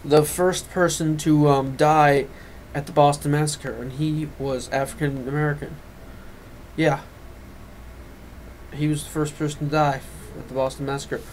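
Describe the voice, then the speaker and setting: A teenage boy speaks to camera in an emotional, confessional vlog. His voice sits a bit high, and his sentences keep stopping and restarting as he rambles. A faint background hiss runs under the recording. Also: flat delivery, moderate pace, long pauses, rough recording. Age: teens. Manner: rambling and earnest, with frequent restarts and trailing off; emotional, fighting back tears at times. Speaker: vlogger.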